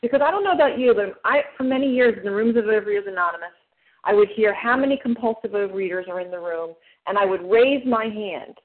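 A woman's voice: mid-range voice, fast talker. A woman sharing earnestly and explaining her points at a twelve-step phone meeting. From South Jersey. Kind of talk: personal share on a phone meeting. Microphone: phone call. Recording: tinny phone line.

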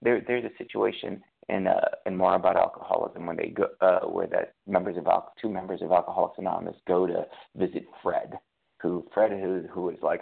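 Speaking as a recovery program member, a man gives a casual talk on spiritual recovery, wandering and self-correcting in a conversational way. He has a low, creaky, slightly rough voice at normal speed, heard through tinny, phone-like audio.

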